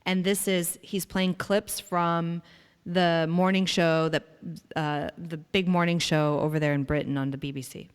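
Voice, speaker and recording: A woman with a low voice casually sets up clips as a podcast host, in a relaxed tone. Her voice rings with a long reverb, as if in a large room. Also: unhurried, clear, resonant tone.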